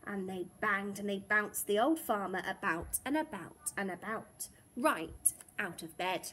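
A woman teacher reading a picture book aloud to young children in a gentle, expressive storytelling way. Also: medium pitch, measured pace, few pauses.

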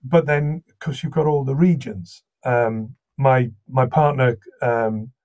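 Man, slight Welsh accent, casual guest chat, lively anecdotal storyteller, medium pitch. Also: slow, highs cut off. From Wales. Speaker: guest voice actor.

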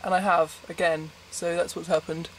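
A man's voice: a little high, little pitch movement, moderate pace, a bit bright, slight background noise. A man chatting casually to camera from his bed, rambling and self-deprecating, often breaking into giggles. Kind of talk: casual vlog chat. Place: bedroom, in bed at night.

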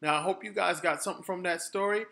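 A man's voice: sits high, fast, creaky, pushed and bright. A motivational coach, a man, telling a story with a moral in an upbeat, enthusiastic way, speaking straight to his listeners.

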